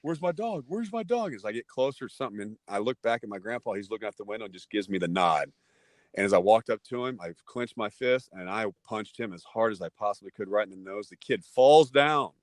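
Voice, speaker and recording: Deep-voiced man telling a story. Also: fast, dry recording. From Texas. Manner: lively anecdotes, acts out voices. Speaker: podcast guest, former ballplayer. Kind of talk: casual storytelling.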